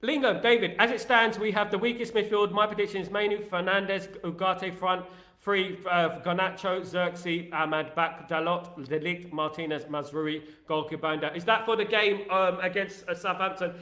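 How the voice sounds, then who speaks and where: A man hosting a rambling, jokey, excitable casual chat. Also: high voice, moderate pace, roomy sound. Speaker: host.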